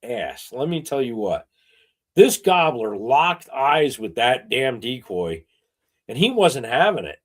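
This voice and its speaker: A man co-hosting a casual chat show who rambles through animated stories full of fillers. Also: medium pitch, measured pace. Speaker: co-host.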